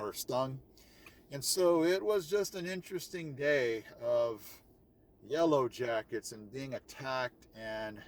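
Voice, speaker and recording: A man vlogging, telling a personal story in a casual, rambling way with many fillers and restarts. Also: medium pitch.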